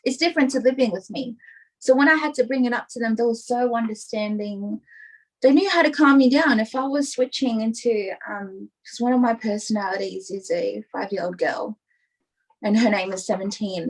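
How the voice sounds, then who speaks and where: Candid young woman, slightly high voice. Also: moderate pace, husky, rough recording. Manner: candid and rambling, full of "like" and "you know". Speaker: podcast guest. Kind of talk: casual interview chat.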